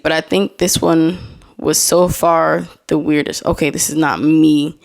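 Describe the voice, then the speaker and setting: A woman's voice: deep voice, steady tone, moderate pace, gravelly, darkish tone. Chatty woman hosting a casual solo podcast. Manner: chatty, reads posts aloud with laughing asides. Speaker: podcast host.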